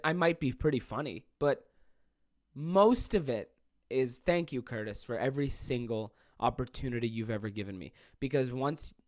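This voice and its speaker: A man's voice: mid-range voice, dry recording, studio quality. Rambling, profane young man hosting a podcast. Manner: rambling, profane, self-deprecating. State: jet-lagged. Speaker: podcast host and stand-up comedian. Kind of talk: casual solo podcast monologue. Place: small room.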